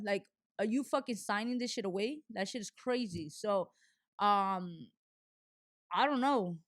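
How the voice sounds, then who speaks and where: A woman's voice: medium pitch, unhurried, no room sound, studio quality. A young adult woman hosting a show, talking candidly and animatedly in a casual monologue, with frequent restarts and fillers. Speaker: show host.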